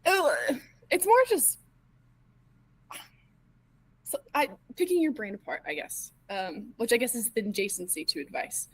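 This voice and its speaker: A woman, a tabletop role-playing player, retelling events in character in a halting way, with plenty of stammers, fillers and restarts. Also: a little high, sing-song, a little hiss or hum, low-quality recording.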